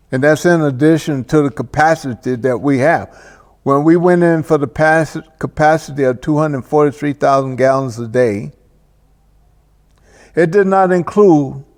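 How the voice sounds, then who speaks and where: Male local-TV host, slow and deliberate monologue, reverberant studio sound. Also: mid-range voice, a little mellow. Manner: slow and deliberate, with pauses and restarts. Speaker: local cable show host.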